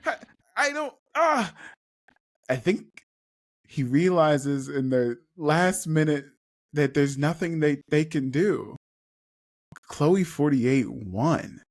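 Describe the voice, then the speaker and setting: A player narrating an improvised story in a casual, halting manner. The voice sits at a middle pitch. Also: a little mellow.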